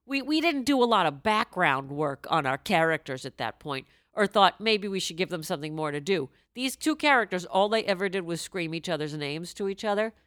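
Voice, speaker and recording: A woman chats on a podcast with a bright, forceful edge to her voice. Her pitch swings widely as she tells stories and breaks into loud, silly shouts. The sound is dry and close, with no room echo. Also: fairly quick, few pauses. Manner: animated, bursts into loud shouted voices and laughs. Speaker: podcast co-host. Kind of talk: casual chat.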